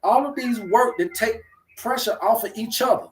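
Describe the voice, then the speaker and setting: Male host, higher voice; preachy, repetitive livestream teacher addressing viewers. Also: normal speed. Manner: preachy, repetitive, slangy, talks to chat.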